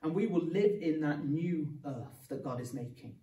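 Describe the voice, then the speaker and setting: A man delivers a sermon, earnestly explaining each point with a dash of dry humour, at a normal, expressive pace. His mellow, somewhat high voice is picked up from a distance and rings around an echoey church hall.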